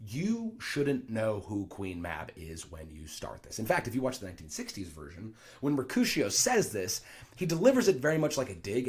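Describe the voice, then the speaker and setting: Male teacher, low register, very expressive delivery, casual explainer with frequent asides. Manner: animated, thinking aloud with fillers and asides.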